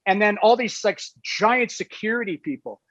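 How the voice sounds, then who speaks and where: A man's voice: high-pitched, animated, moderate pace, fairly bright tone. A man, a guest on a talk show, tells a casual anecdote in a rambling way, full of "like" and "you know". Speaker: guest telling a story. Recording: dull, lo-fi, dry sound.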